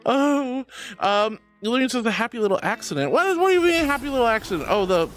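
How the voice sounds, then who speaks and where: A woman's voice: fairly high pitch, big pitch swings, racing, faint music behind. A woman streaming casually, reading chat messages aloud and thanking viewers in a gushing, affectionate way.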